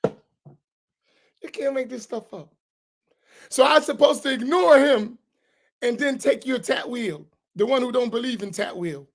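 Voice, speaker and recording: A man's voice: very high voice, a little slow, long pauses. A man, an imam, teaching a religious class in a heated, sarcastic way full of rhetorical questions. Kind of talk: heated religious lesson, argumentative.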